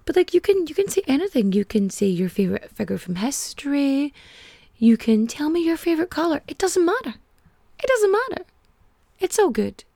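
A woman's voice: a little high, vocal fry, a little mellow, no room sound. A young woman hosting a podcast, rambling and chatty, packing her talk with "like". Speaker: podcast host. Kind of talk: casual podcast chat.

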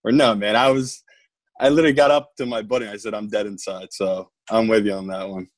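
A man co-hosting a podcast, talking sports bets in a relaxed, matter-of-fact way. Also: on the low side, fast talker, dry recording. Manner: laid-back, calls people buddy and man. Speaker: podcast co-host. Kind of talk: casual sports betting chat.

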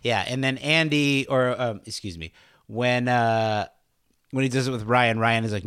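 A man's voice: medium pitch, moderate pace, a bit bright, clear, resonant tone, dry recording, clean studio sound. A man co-hosting a podcast in casual chat, retelling TV scenes with quoted lines. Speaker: podcast co-host.

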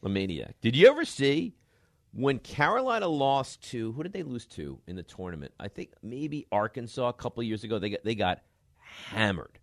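Animated male sports radio host. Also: moderate pace, dry recording, studio quality. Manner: animated storytelling, jumps between loud and low. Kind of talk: lively sports radio banter. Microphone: studio mic.

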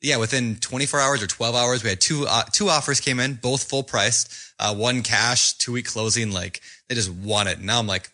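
A man co-hosting a podcast, talking casually and quickly with stammered starts. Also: medium pitch, steady tone, pushed and bright. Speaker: podcast co-host.

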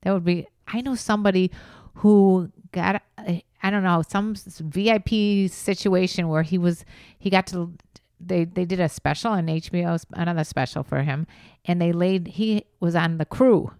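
A woman's voice: on the low side, moderate pace, darkish tone, clear, resonant tone, dry recording, studio quality. A woman in her sixties co-hosting a casual podcast, chatty and enthusiastic, rambling through her stories. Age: 60s. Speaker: podcast co-host.

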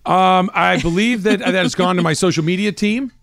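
A man's voice: high-pitched, normal speed, vocal fry, a bit bright, dry recording, clean studio sound. A man co-hosting a podcast, rambling through stories in a casual, self-deprecating way. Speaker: podcast co-host. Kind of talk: casual chat.

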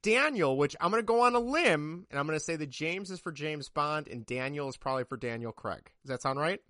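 A man's voice: fairly high pitch, brisk, pushed and bright, no echo, clean studio sound. A man co-hosting a casual sports podcast, rambling and joking, often laughing at himself. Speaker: podcast co-host.

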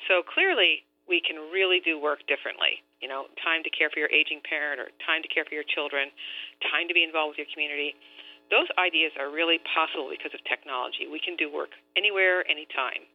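A woman's voice: sits low, fast, dry recording, faint music behind. A woman taking part as an expert guest in an interview discussion, speaking in an earnest, emphatic way. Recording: dry tinny phone line.

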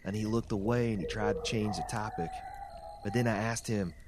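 A man's voice: fairly low pitch, a little fast, background noise, lightly acted. A man playing a weary, earnest survivor leader in a comedy sketch, rambling through confessions.

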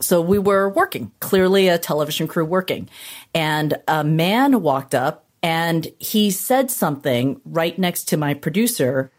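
A woman news correspondent in an interview, talking in a thoughtful, hesitant way with pauses and fillers. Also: deep voice, lively intonation. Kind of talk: interview, recounting.

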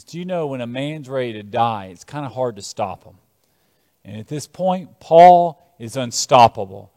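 A man preaching a sermon, retelling scripture as animated stories with shifting emphasis. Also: medium pitch, normal speed, dry recording, big-room sound.

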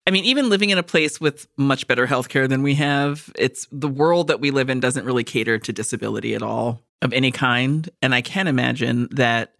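Woman, podcast co-host, casual swearing, bright tone, dry close sound. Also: very deep voice, a little fast, vocal fry, few pauses, dry recording. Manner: laughs easily, swears casually.

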